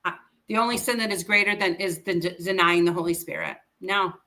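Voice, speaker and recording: A woman's voice: lowish voice, fairly quick, pushed and bright. A middle-aged woman telling personal stories as an interview guest, earnest and emotional, acting out what others said. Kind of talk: personal storytelling.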